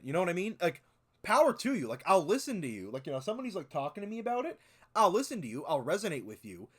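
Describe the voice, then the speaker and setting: Reacting to videos on stream, a twenty-something man rambles casually, full of swears and filler. His slightly high voice is expressive and fast.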